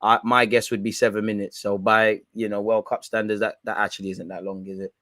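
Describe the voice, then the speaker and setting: A young man giving excitable, banter-filled live reaction commentary on a football match. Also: on the low side, fairly quick, dry recording. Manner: excitable, banter-heavy, swears. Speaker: football watch-along streamer.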